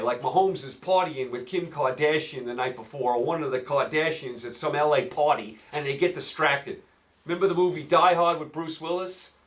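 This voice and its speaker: A man with a New York accent hosting a solo football picks show, rambling and animated, firing rhetorical questions at listeners. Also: fairly high pitch. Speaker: sports betting podcast host. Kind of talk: solo sports picks talk.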